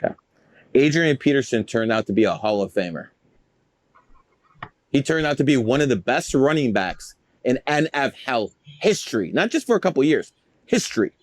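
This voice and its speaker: A man's voice: mid-range voice, sing-song, normal speed, long pauses, dry recording. A man telling stories as a guest in a casual interview, boastful, profane and rambling. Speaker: guest, numerologist.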